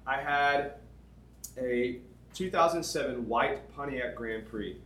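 A man preaching to a camp crowd, telling a comic story with dramatic pauses, laughs and sudden shouts. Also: mid-range voice. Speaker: camp speaker. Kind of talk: storytelling sermon. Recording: echoey room, faint background noise.

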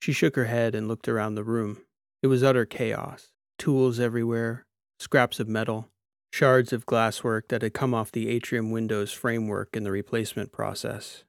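Brief: man narrating fiction, measured pace, gravelly tone, dry close sound. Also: medium pitch, little pitch movement, no echo. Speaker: audiobook narrator. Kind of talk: scripted narration.

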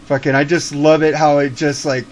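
A man hosting a casual music chat, swearing freely and gushing with excitement. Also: on the high side, normal speed, slight background noise. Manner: swears a lot, excitable fan talk.

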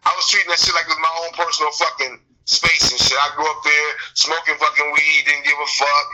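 A man in casual chat, telling profane stories in a loud, animated way. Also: on the high side, fast, poor audio.

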